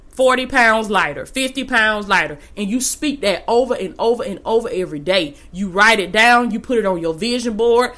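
Woman motivational speaker, slightly high voice, preachy and colloquial, hammers points home by repeating them. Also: fairly bright tone. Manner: preachy and exhorting, repeats phrases for emphasis; casual and colloquial, addresses listeners as y'all. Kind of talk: faith-based motivational talk.

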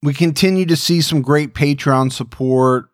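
A man's voice: fairly high pitch, normal speed, no echo, studio quality. A middle-aged man co-hosting a podcast, chatting in an upbeat, friendly way. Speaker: podcast co-host. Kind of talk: casual podcast chat.

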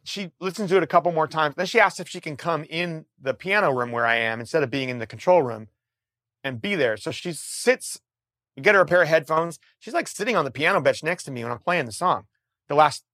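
A middle-aged man, a musician guest, telling a story in a casual, animated way, swearing freely and restarting his sentences. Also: a little high, brisk, no echo, clean studio sound. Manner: animated, profane, frequent restarts.

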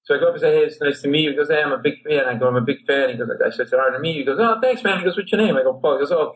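A middle-aged comedian telling a comic anecdote on a talk show, animated, acting out voices and his own panic. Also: medium pitch, very fast, breathy edge, rough recording. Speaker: comedian guest.

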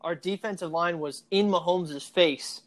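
A podcast co-host in casual sports talk, chatty and animated, arguing points at length. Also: mid-range voice, measured pace.

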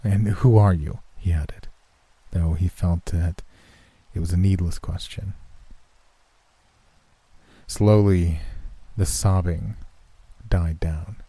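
A man reads a horror story aloud in a deep, very dark, husky voice. His pacing is slow and measured, and the recording is dry and close with no room sound. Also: level tone, no echo. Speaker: narrator.

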